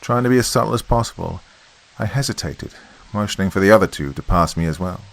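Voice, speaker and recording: A man reading a scripted horror story as podcast narrator, in a measured, steady storytelling manner. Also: sits low, vocal fry, rough recording.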